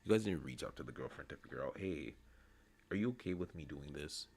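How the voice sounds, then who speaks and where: A man's voice: a bass voice, expressive, fairly quick, creaky, a little mellow, husky. A man co-hosting a livestream, chiming in with laid-back slangy comments in casual chat. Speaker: streamer co-host.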